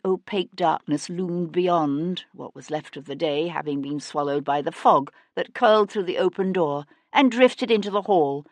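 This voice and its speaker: A woman narrating a historical mystery audiobook in a measured, even storytelling manner. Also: lowish voice, no echo. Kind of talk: scripted narration.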